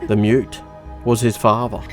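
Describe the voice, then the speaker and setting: A man's voice: fairly low pitch, level tone, a little slow, music in the background. A young man narrating a survival game story in a dry, matter-of-fact way. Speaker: gaming channel narrator.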